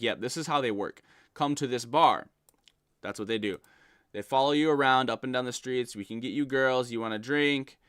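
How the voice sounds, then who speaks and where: A man reads viewer stories aloud and reacts to them, his pitch sitting in an ordinary middle range. He speaks in an animated, exasperated way that turns into ranting. The recording is dry and close. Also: smooth, dry recording. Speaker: content creator reading viewer messages. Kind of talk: reaction commentary.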